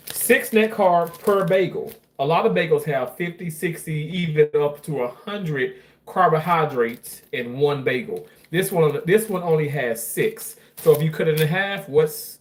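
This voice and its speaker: A man with a slightly high voice chats loosely through a home cooking vlog, wandering off-topic and swearing casually. He stands away from the mic in a roomy, echoing kitchen. A faint noise sits behind him. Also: far from the mic. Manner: chatty, rambling, casual swearing. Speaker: cooking vlogger.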